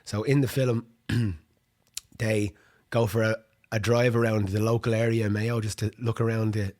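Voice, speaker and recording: A man's voice: fairly low pitch, level tone, moderate pace, a little mellow. An Irish man co-hosting a podcast, chatting casually and laughing often. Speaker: podcast co-host. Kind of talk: casual chat.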